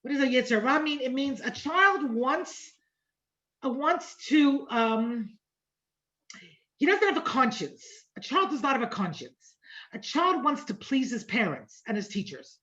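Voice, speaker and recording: A woman's voice: high voice, very animated, unhurried, pushed and bright. Middle-aged woman teaching a conversational class. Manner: conversational, repeats phrases and asks "right?" often. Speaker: teacher of an online Torah class. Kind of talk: informal lecture. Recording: dull lo-fi online class audio.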